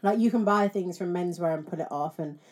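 Low-voiced young woman, slangy podcast chat. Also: fairly quick. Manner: swears freely, animated slang. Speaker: podcast co-host. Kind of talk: casual chat.

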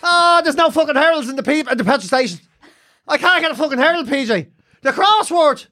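A man's voice: very high voice, animated, a little fast, sharp tone, pitched above the performer's own voice, heavily acted. A man with an Irish accent voicing his breathless, dramatic elderly mother, a wheezy and fussy gambler. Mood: flustered. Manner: fussy, rambling, puffing between words.

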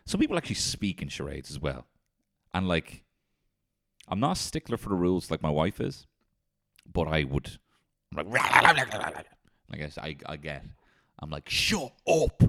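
A man telling an animated, sweary comedy story and breaking into shouted impressions. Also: very deep voice, normal speed, creaky, long pauses.

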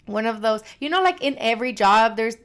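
A young woman co-hosting a podcast, telling an animated, foul-mouthed story in casual chat. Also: a little high, fairly quick, clear, resonant tone. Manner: animated storytelling, heavy swearing. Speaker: podcast co-host.

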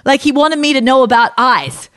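A woman's voice: sits high, moderate pace, no room sound. Chatty woman podcast host, dry sound. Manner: animated, chatty, many fillers and restarts. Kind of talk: casual storytelling chat.

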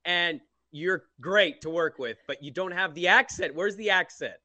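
A man hosting a casual sports betting chat, teasing his co-host in emphatic, quick bursts. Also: high voice, pushed and bright, dry recording. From Portland, Oregon.

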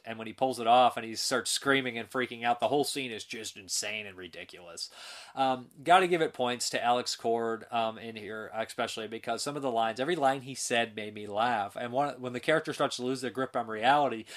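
A man's voice: medium pitch, brisk, a bit bright. A man hosting a casual film review show, talking in a rambling, enthusiastic way with restarts and laughs.

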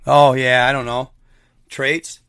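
Slow, gravelly-voiced man chatting casually. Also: mid-range voice, little pitch movement, fairly bright tone, dry recording, clean studio sound. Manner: rambling, slangy storytelling. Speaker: streamer chatting with viewers. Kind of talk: casual chat.

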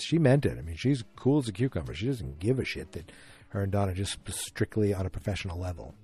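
A man casually recapping a TV episode, rambling and animated as he acts out the characters' lines. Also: lowish voice, quick pace, breathy edge.

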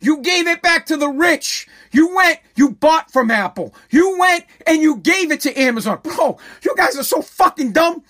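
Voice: high voice, animated, moderate pace, few pauses, a bit bright. A vlogger delivering a profane, sarcastic rant to viewers, scolding them and repeating lines for emphasis. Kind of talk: ranting monologue to viewers.

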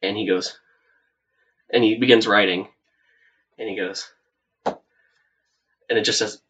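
A soft-spoken man narrates a tabletop game as game master. His voice sits on the low side, and he wanders through the story. The mic catches him from a little way off. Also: fairly even intonation, slow pace, long pauses, far from the mic, a little hiss or hum, rough recording. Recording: voice set back from the mic.

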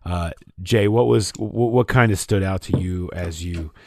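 A male podcast host talks in eager, chatty casual conversation. His voice is deep. The sound is dry and close, with no room around it. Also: measured pace, dry recording.

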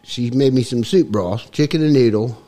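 A man's voice: medium pitch, normal speed, dark tone, natural voice. A man putting on a Cockney accent while telling a rambling tall tale with chuckles in a garage. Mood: joking.

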